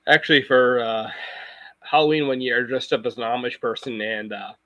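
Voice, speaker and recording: A man's voice: medium pitch, fairly quick, pushed and bright, no echo, lo-fi sound. A man chatting casually on a live stream, rambling and circling back with frequent restarts. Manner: rambling, full of fillers and restarts.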